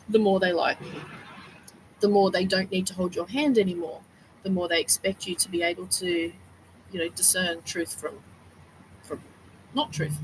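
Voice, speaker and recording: A woman's voice: medium pitch, slight background noise, poor audio. A middle-aged woman, chatting casually on a livestream, rambling and laughing often as she retells events. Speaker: livestream host.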